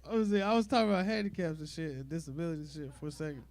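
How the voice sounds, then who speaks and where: A man's voice: on the high side, lively intonation, very fast, darkish tone. A young man doing a rambling, profane stand-up comedy set, full of fillers and asides to the crowd.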